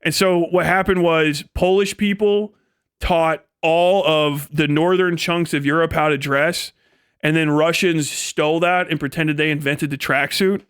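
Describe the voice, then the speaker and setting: High-voiced man in a profane comedic rant. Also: steady tone, measured pace, a bit bright, smooth, no echo, clean studio sound. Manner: profane, rambling, mocking. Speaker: livestream host. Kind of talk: comedic rant on a live stream.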